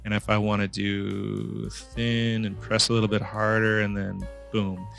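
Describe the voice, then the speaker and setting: A man's voice: fairly low pitch, level tone, measured pace, gravelly, a bit bright, faint music behind. A man narrating a casual drawing tutorial in a chatty, playful way, quizzing the viewer as he works. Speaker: drawing instructor.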